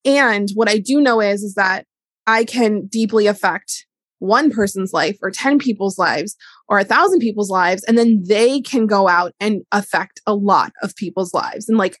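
A woman's voice: medium pitch, normal speed, no echo. A middle-aged woman and wellness educator talking candidly and casually in a solo monologue, with lots of "like". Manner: candid, chatty, heavy use of "like". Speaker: wellness educator and business owner.

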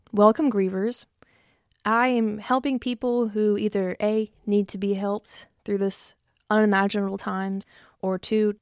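A woman's voice: medium pitch, dry recording, clean studio sound. Breathless, swearing woman podcast host. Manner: chatty, self-mocking, swears freely. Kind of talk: casual solo podcast chat. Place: home basement.

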